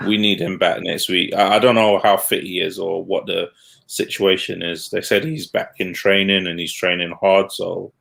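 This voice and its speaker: A man's voice: deep voice, level tone, moderate pace, creaky, fairly bright tone. A man co-hosting a casual football podcast, speaking bluntly and laughing at his own points. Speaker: podcast co-host.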